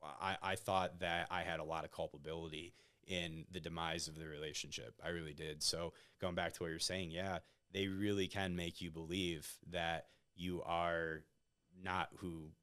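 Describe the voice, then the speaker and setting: A low-pitched man recounts personal stories as a podcast guest in a loose, chatty way. His voice is smooth and resonant, and he keeps checking in with "right?" as he talks. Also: flat delivery, moderate pace, fairly bright tone. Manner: conversational, peppers stories with "like" and "right?". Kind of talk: casual interview storytelling.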